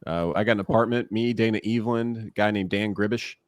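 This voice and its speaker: A man in his forties, a former pro ballplayer turned broadcaster, telling animated stories in a casual podcast interview. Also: fairly low pitch, fast, no echo. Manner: animated, laughing storyteller who acts out quotes.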